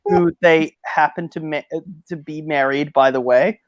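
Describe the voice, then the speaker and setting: A man co-hosting a casual stream chat, animated and jokey, mimicking people he talks about. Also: on the high side, normal speed, no room sound, muffled recording. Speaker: podcast co-host.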